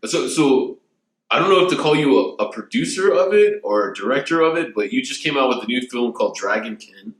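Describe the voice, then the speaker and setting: A man's voice: medium pitch, expressive, fairly quick. A man hosting a casual podcast, loose and jokey, laughing often as he talks. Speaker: podcast host. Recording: echoey room.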